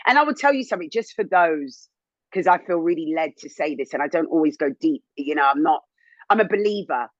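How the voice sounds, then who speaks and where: A woman in her thirties, a TV presenter, telling her own story as an interview guest in a candid, animated way, rising high when indignant. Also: fairly quick, dry recording, highs cut off. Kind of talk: emotional personal testimony.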